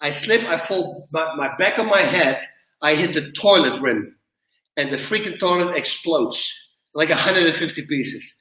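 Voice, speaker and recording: Bright-voiced man telling a wild story. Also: a little high, normal speed. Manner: lively, laughs at his own story, acts out quotes. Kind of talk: animated storytelling. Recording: roomy, from a distance.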